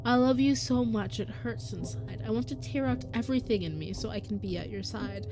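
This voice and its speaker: A woman's voice: mid-range voice, a little fast, music in the background, lightly acted. A woman voicing a small male pet creature from a game, lovelorn and bitter, pleading and then coldly accusing. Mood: longing.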